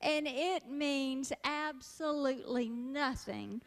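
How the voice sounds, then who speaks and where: High-voiced Southern woman, folksy stand-up. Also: takes it slowly, in a large hall. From Mississippi. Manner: folksy, playful, drawling. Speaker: comedic speaker. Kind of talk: stand-up comedy routine.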